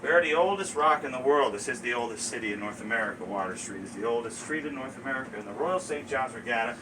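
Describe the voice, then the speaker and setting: A man's voice: medium pitch, lively intonation, fast talker. A man with a Newfoundland accent, hosting a comic ceremony and teasing the crowd as he leads call-and-response phrases. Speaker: screech-in ceremony host. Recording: distant mic, loud crowd and noise.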